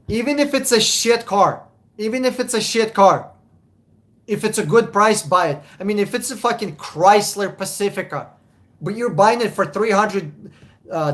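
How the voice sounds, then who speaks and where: A man runs a casual live stream, reading viewer comments out loud. He answers car questions bluntly, swears freely and says the same point twice for emphasis. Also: high voice. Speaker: car buying consultant, live stream host.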